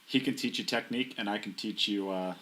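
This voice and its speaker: Bright-voiced playful pool commentator man. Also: lowish voice, brisk, a little hiss or hum. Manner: playful, banters and jokes. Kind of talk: live sports commentary.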